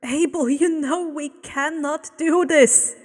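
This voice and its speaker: An imploring green-eyed woman, her voice raised and lifted high as she pleads, played by a woman reader. A long reverb trails behind every word. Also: slow pace, breathy edge, exaggerated voice. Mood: pleading.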